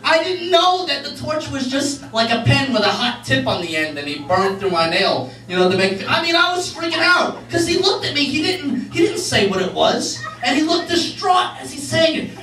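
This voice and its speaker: A man giving a church message as an animated storyteller, often laughing between lines. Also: very high-pitched, normal speed, hardly any pauses. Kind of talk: storytelling sermon. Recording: echoey room, mic far off.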